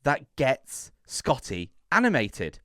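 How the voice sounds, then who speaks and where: A young man co-hosting a podcast, telling stories in a playful, animated way. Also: mid-range voice, slow, dry recording, clean studio sound. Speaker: podcast co-host. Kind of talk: casual chat.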